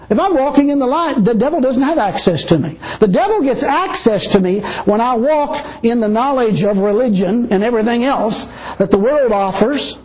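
A man's voice: extremely high pitch, a little mellow. A male preacher delivering an emphatic, blunt sermon with mocking asides. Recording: dull lo-fi recording.

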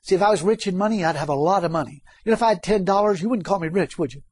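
Husky high-voiced preacher. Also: male voice, very fast, a little mellow. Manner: emphatic, asks the congregation questions, reads scripture aloud. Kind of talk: sermon.

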